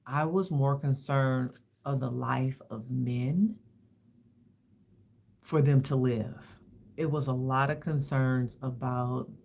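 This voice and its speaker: Slow, gravelly-voiced woman in her fifties. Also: rumbling low, steady tone. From Los Angeles, USA. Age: 50s. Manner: halting and reflective, repeats words, soft-spoken candor. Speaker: livestream host. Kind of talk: reflective personal talk.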